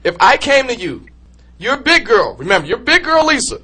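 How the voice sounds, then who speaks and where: High, animated man hosting a podcast. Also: brisk. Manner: excitable, laughs easily. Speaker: podcast host. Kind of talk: casual podcast interview.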